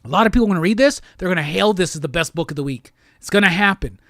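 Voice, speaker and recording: A man's voice: high voice, animated, very fast, a bit bright, no room sound, studio quality. A man hosting a comic book show, giving a heated, profane review in a rant-style talk. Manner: heated, profane, repetitive ranting.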